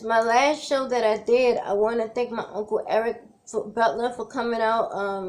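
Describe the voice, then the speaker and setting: A woman cancer survivor talking straight to camera in a heartfelt, repetitive, emotional way, encouraging her viewers. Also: fairly high pitch. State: tearful at times. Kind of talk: heartfelt direct-to-camera vlog.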